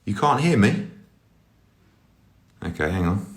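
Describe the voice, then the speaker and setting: A man's voice: fairly low pitch, very animated, takes it slowly, husky, poor audio. A middle-aged man, a sports promoter, chatting casually and brashly with live-stream viewers into his phone while a little out of breath. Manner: brash and upbeat, swears casually. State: a bit out of breath. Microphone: phone held while walking.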